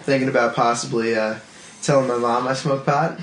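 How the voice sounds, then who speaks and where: A man's voice: medium pitch, fairly even intonation, fairly quick, slight background noise. A man chatting casually on a podcast, brash and laughing, swearing freely. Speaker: podcast co-host. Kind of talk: casual chat. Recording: roomy room with crowd chatter behind.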